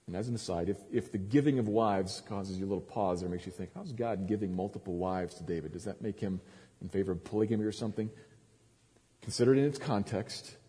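A man's voice: fairly low pitch, warm tone, breathy edge, in a large hall. A male pastor preaching a sermon, retelling a story with dramatic emphasis and frequent restarts.

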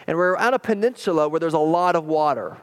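A middle-aged man preaching as a pastor, reading scripture slowly and then telling a family story in a lively, wry, self-deprecating way. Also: on the high side, clean tone. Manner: slow, deliberate scripture reading. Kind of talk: sermon with a personal story.

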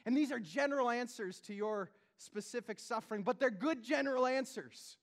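A male pastor preaches in a chatty, conversational style full of asides and questions for the congregation, sprinkling in "like" and "right?". His voice is extremely high-pitched at a normal speed, swinging between loud emphasis and hushed tones.

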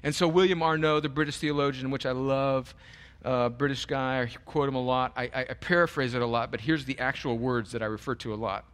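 A man preaching a sermon as pastor, earnest and animated, often restarting his sentences. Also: mid-range voice, a little fast.

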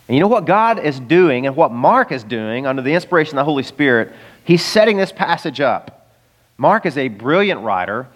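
Conversational preacher in a reverberant hall. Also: male voice, a little high, a bit bright. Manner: conversational, acts out quoted voices. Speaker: pastor. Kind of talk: sermon.

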